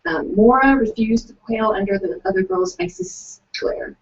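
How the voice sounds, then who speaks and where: A woman's voice: fairly high pitch, very animated, moderate pace, vocal fry. Giggly young woman on a distant mic. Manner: chatty, giggly, reads participants' lines aloud. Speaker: co-host of a writing livestream. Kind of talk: casual chat, reading out submissions. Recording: distant, dull lo-fi webcast audio.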